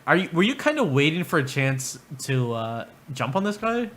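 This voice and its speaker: A man's voice: on the high side, big pitch swings, normal speed, a bit bright. A man ranting crudely on a livestream, rambling and mocking, often laughing. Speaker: streamer.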